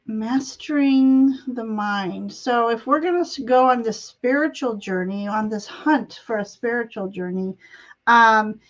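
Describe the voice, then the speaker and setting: A woman gives a live tarot reading on a stream, speaking slowly in a slightly raised voice. She chats, giggles and wanders from thought to thought. The sound comes through a slightly muffled, lo-fi video call. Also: a little high. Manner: chatty, giggly, meandering. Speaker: tarot reader and show host.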